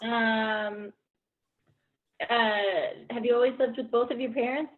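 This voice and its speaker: A woman's voice: on the high side, steady tone, takes it slowly. Bubbly woman on a tinny line. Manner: bubbly, enthusiastic. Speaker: acting teacher. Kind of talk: casual video-call interview. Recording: tinny video-call audio.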